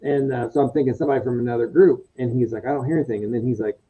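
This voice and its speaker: A middle-aged man tells a story as a podcast guest, in a very dark, mellow voice with a husky edge. He rambles and halts as he talks. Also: mid-range voice, racing, low-quality recording. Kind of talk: casual storytelling.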